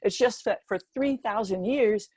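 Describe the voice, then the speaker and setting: A woman in her seventies giving a motivational speech, telling a story with lively energy and acting out the other voices in it. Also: medium pitch, a little slow, slightly rough, no echo. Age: 70s. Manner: lively storyteller who acts out the quoted voices. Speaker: guest speaker.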